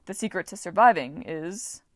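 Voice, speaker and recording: A woman voicing a pompous, boastful male farm god who talks loudly and theatrically in an audiobook. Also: lowish voice, animated, normal speed, no room sound, clean studio sound, close to an everyday voice. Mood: lecturing. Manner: loud, theatrical, dismissive.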